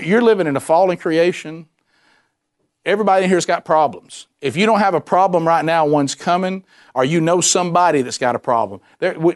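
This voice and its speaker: A man preaching a sermon, animated and emphatic, repeating himself and dropping suddenly to a quiet voice. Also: fairly high pitch. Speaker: pastor.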